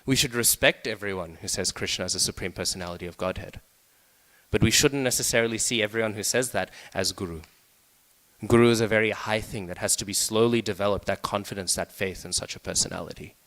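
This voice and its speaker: Speaking fast in a fairly bright, lowish voice, a man runs a conversational scripture class and regularly checks in with the audience. The recording carries the long reverb of a temple hall.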